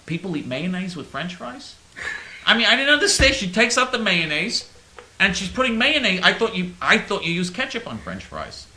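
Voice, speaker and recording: A man's voice: high voice, very animated, moderate pace, sharp tone, echoey room, poor audio. Sarcastic rambling male host. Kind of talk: satirical radio monologue.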